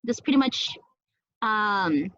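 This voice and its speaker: A woman's voice: mid-range voice, animated, takes it slowly, pushed and bright, highs cut off, a little hiss or hum. A young woman teacher cooking at home while teaching small children, talking in a playful sing-song way and making animal sounds.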